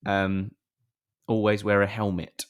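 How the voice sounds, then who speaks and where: A man's voice: lowish voice, completely flat delivery, takes it slowly, smooth. A man co-hosting a casual podcast. He rambles and hesitates with many ums and uhs. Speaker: podcast co-host. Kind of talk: casual chat. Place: live-streamed podcast.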